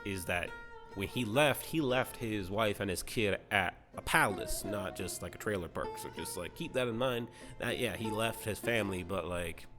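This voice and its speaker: A man's voice: on the low side, normal speed. A man telling a story comedically, in a rambling, profane, slangy way that is full of "right?". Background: guitar music.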